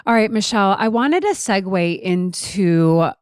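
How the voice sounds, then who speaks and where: A woman in her forties co-hosting a podcast, talking in a chatty, animated way with many fillers and restarts. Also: mid-range voice, measured pace, clear, resonant tone, dry recording, clean studio sound. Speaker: podcast co-host. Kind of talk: casual chat.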